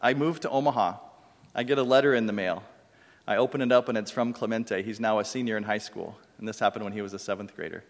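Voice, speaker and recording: A middle-aged man preaching as a deacon, telling stories earnestly and slowing down for emphasis. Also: fairly low pitch. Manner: earnest storytelling, slows down for emphasis. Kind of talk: sermon. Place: church. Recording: long reverb of a church hall.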